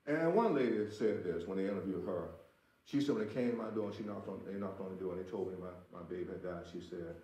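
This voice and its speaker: A man's voice: fairly low pitch, fast, a little mellow. Emphatic male pastor in a roomy church. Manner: emphatic, repeats phrases, talks directly to the congregation. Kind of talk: sermon. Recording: roomy echo.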